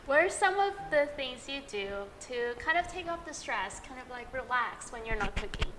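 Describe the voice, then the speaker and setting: High-pitched woman asking quick questions, lots of laughing, noisy hiss behind her. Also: expressive. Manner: laughs often, short prompts. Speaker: interviewer. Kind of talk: casual interview chat.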